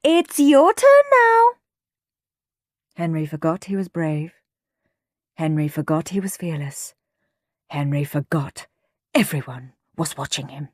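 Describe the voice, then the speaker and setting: A woman narrating a children's storybook aloud in an expressive way, close to a studio mic. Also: low voice, a little slow, long pauses, breathy edge, dry recording. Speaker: audiobook narrator.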